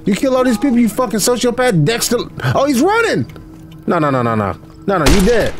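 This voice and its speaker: A young man commentates his game playthrough in a lively, animated voice that jumps high when he panics. He swears freely and talks straight to his viewers. Loud game music plays behind him. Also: normal speed. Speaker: gaming YouTuber. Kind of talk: casual let's play commentary. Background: game music and sound effects.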